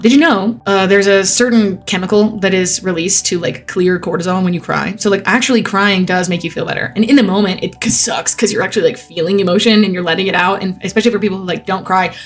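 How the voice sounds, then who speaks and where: Earnest young woman vlogging casually. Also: mid-range voice. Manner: earnest, frequent "like" fillers, laughs easily. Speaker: vlogger answering viewer questions. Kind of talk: casual reflective monologue.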